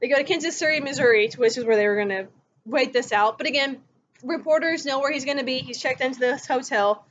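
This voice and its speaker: Female history teacher, home-recorded lecture, animated storyteller, slight background hiss. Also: high-pitched, quick pace. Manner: chatty storytelling, acting out quotes. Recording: dull lo-fi recording.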